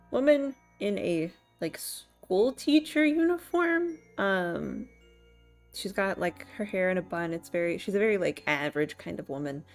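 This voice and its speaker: A woman narrating as game master of a tabletop game, rambling with many fillers. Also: on the low side. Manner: rambling, filler-heavy, amused.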